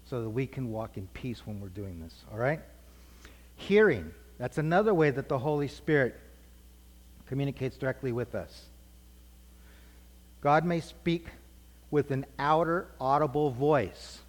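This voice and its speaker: A middle-aged man teaching a church group conversationally, asking questions and repeating their answers. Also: medium pitch. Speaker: preacher teaching a class. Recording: long hall reverb.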